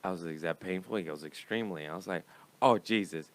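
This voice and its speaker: A man's voice: deep voice, racing. A young man, a comedian guest, telling a profane, rambling story in casual chat.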